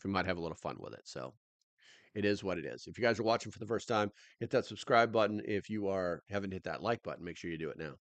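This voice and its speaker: Chatty male livestream host, lowish voice, rambles with fillers, dry close sound. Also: no echo. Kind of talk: casual livestream chat.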